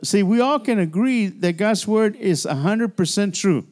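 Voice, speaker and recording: A man pastor with a high-pitched, slightly mellow voice delivers a midweek sermon in the church sanctuary. He is animated yet keeps a measured pace, speaking conversationally with frequent restarts and call-and-response.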